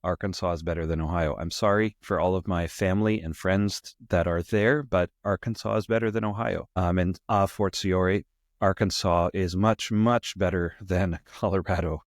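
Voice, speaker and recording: Priest co-host, male, very low voice, dry close sound, wry rambling commentary. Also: steady tone, moderate pace, no room sound. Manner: wry, mock-gracious, rambling with restarts. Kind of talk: casual commentary chat.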